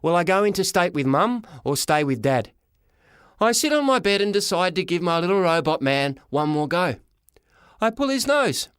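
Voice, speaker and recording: A man narrating a children's story as a boy, with a lively, dramatic reading. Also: fairly high pitch, moderate pace, clear, resonant tone, dry recording, clean studio sound. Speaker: audiobook reader. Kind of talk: storybook narration in a boy's first person.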